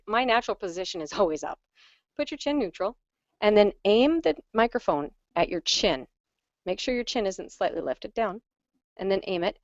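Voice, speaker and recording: A woman coach explains singing technique with lively, self-mocking chatter. The sound is dry, with no room around it. The audio is a little dull and muffled, as on a video call. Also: medium pitch, no echo. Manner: chatty, animated, self-deprecating teaching. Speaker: vocal coach. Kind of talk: online webinar teaching. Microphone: handheld microphone on a stand.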